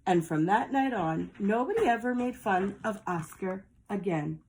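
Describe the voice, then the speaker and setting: A woman reads a children's picture book aloud in an unhurried, deliberate way. Her voice sits at an ordinary middle pitch, and she brightens it for the kids listening at home. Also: a little hiss or hum. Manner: slow, animated read-aloud for kids. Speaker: storyteller.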